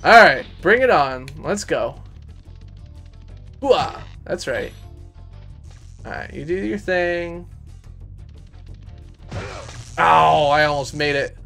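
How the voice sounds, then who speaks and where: A man's voice: fairly high pitch, a little slow, vocal fry, bright, forceful tone. A man chatting casually as a gaming streamer, rambling and poking fun at himself while he plays. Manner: chatty, self-mocking, rambling. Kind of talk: casual gameplay commentary. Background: faint game music.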